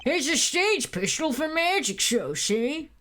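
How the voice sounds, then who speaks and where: A woman's voice: sits high, big pitch swings, unhurried, fairly bright tone, slight background noise, pitched above the performer's own voice, exaggerated voice. A woman voicing a brash, wisecracking male detective, pushy and slangy, as she reads game dialogue aloud.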